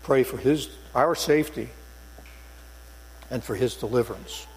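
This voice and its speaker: An older man preaches a sermon in a church sanctuary, telling his story earnestly and pressing hard on key words. His voice sits at an ordinary pitch and rings out with a long hall reverb. A faint mains hum runs underneath. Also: measured pace. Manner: earnest storytelling, rising to emphatic stresses. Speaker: preacher, former police sergeant.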